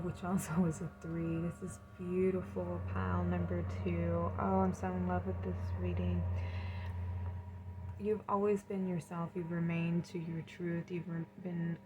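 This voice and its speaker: A woman giving a pick-a-card tarot reading in a gentle, soothing, emotional and effusive way. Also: lowish voice, background noise. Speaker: tarot reader.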